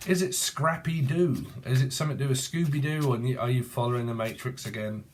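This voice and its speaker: A man's voice: medium pitch, a little fast, few pauses, a little hiss or hum. A man giving a rambling, playful tarot reading, free-associating and laughing often. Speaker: tarot reader.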